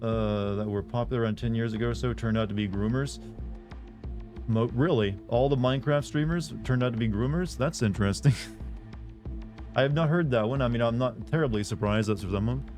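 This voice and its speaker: A man's voice: mid-range voice, normal speed, darkish tone, soft background music. A man live streaming, chatting casually with his viewers in a sarcastic, joking, rambling way.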